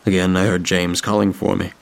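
Man, horror story narration, very deep, gravelly, flat, measured.

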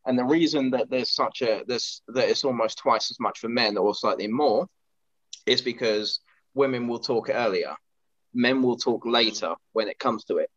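A man's voice: medium pitch, moderate pace, fairly bright tone, dull audio. A man, co-hosting a podcast in casual, earnest chat that rambles with restarts. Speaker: podcast co-host.

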